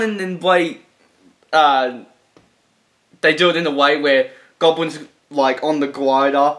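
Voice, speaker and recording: A man's voice: on the high side, steady tone, slow, pauses often, a bit bright. A man casually ranking movie final battles, rambling enthusiastically with lots of fillers and restarts. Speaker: movie reviewer.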